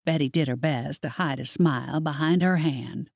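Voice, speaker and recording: A woman narrating an audiobook in an expressive storytelling manner, close to the mic. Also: low-pitched, normal speed, creaky, no echo, lo-fi sound. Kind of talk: scripted narration.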